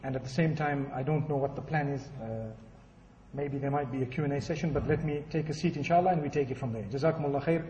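A man's voice: medium pitch, quick pace, dark tone, slight background noise. A man giving an evening religious talk and telling a parable in a conversational way, often saying "you know". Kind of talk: sermon with a storytelling parable. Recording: distant dull hall recording with faint ambience.

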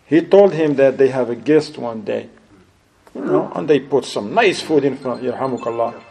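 A man giving a religious lesson, telling anecdotes in an animated way, with loose grammar and Arabic phrases sprinkled in. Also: mid-range voice, moderate pace, creaky, poor audio. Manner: loosely structured, non-standard English grammar. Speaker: religious teacher.

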